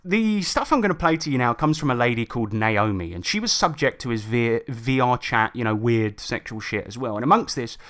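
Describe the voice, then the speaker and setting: A man's voice: medium pitch, expressive, fairly quick, few pauses, fairly bright tone. A man hosting a casual commentary show, talking indignantly with frequent restarts and asides. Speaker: commentary host.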